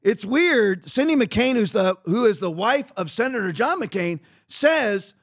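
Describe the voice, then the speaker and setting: A middle-aged man with a high-pitched voice hosts a podcast, delivering political commentary. He talks in an emphatic, repetitive way, leaning on sarcasm to make his points. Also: very animated, a little slow. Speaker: podcast host.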